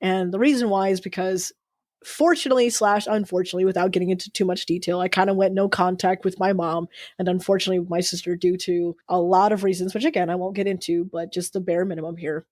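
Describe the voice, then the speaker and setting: A woman's voice: lowish voice, fairly even intonation, quick pace, a little mellow, no echo, studio quality. A woman co-hosting a podcast, talking in a casual, earnest and rambling way with many fillers and restarts. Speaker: podcast co-host. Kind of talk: casual heartfelt chat.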